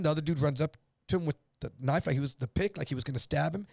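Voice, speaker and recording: A man's voice: a little high, lively intonation, a little fast, creaky, darkish tone, dry recording, clean studio sound. A man from El Paso telling a story as a guest, acting out other people's voices and swearing freely. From El Paso, Texas. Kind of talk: casual storytelling on a livestream.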